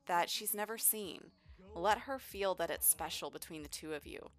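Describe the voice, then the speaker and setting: A woman doing a kind young vampire woman, gentle, gushing, soft-spoken, lowish voice. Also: normal speed, lightly acted. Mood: warm. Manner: gentle, gushing, full of fillers.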